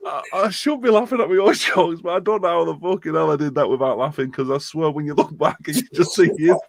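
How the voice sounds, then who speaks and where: A man's voice: on the high side, fast, gravelly, no echo. Laughing young man, dry close sound. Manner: laughs often through his story, swears freely. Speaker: live stream host. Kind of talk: casual storytelling chat.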